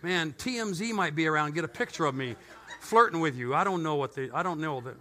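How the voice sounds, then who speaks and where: A middle-aged male pastor preaching a sermon in a church, telling stories with animated energy and joking asides. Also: on the high side, fairly quick.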